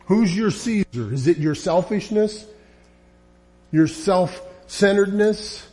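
Slow, high-voiced preaching man. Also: expressive, mellow. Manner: emphatic, repetitive preaching with rising insistent lines. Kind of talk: sermon.

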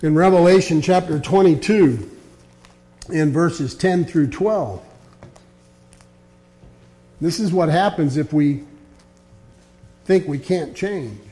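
A man preaching a sermon in an earnest way, with a mellow, warm tone that sits a little high for a man. He reads scripture aloud and lets his voice sink low and soft on his key points. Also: takes it slowly, pauses often.

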